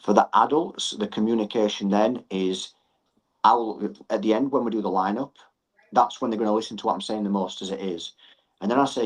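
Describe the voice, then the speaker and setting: A man's voice: lowish voice, brisk, husky, low-quality recording. A middle-aged man, a gym owner and coach talking earnestly as a podcast guest and repeating phrases for emphasis.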